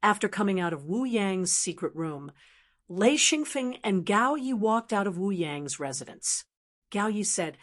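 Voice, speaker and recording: A woman narrating a fantasy audiobook in an even, steady reading voice. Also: medium pitch, a little slow. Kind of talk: scripted narration.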